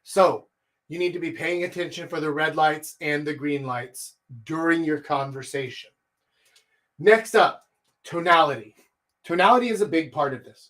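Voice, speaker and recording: Animated man coaching his live audience. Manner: animated, shifts pitch and speed to demonstrate; addresses viewers directly, rhetorical questions. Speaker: dating coach. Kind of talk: livestreamed coaching lecture.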